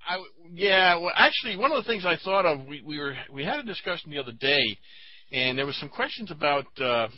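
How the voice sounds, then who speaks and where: A man talking in a casual chat, rambling and halting with many fillers. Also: fairly high pitch, sing-song, dry recording, dull audio.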